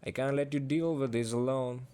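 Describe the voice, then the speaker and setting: A man's voice: medium pitch, steady tone, moderate pace, dark tone, clear, resonant tone, natural voice. A man voicing a loyal young angel bodyguard in a storybook reading, talking casually and stubbornly to his friend.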